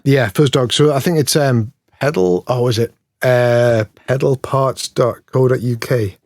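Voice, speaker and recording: Man, Geordie accent, rambling casual chat, mid pitch, dry close recording. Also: steady tone, measured pace, no echo. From Newcastle, England. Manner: rambling, self-deprecating, laughs often. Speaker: guest, pedal builder.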